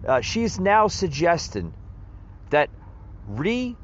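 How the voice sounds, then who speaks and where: A man's voice: a little high, very animated, takes it slowly, slight background noise. A man hosting a political commentary show, ranting heatedly and stumbling over his words with many fillers. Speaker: podcast host. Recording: dull lo-fi sound.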